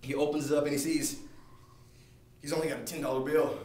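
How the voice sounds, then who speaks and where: A young man preaching a class sermon and telling a story, often halting and restarting his words. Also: fairly high pitch, flat delivery, a little mellow. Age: young adult. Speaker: student preacher. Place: lecture room. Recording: echoey room, distant mic, faint noise.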